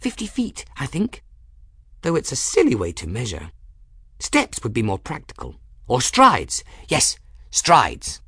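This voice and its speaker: A man doing a high, whispery odd young woman. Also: huge pitch swings, unhurried, a bit bright, husky, no room sound, studio quality, full character voice. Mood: dreamy whisper. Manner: whispery, wavering, fussy.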